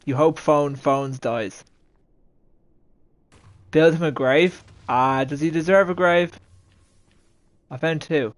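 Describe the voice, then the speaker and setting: A man's voice: on the high side, slow pace, pauses often, no room sound. A man streaming a game, chatting casually with friends and bursting into laughs and swearing. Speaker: livestream gamer. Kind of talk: casual gaming stream chat.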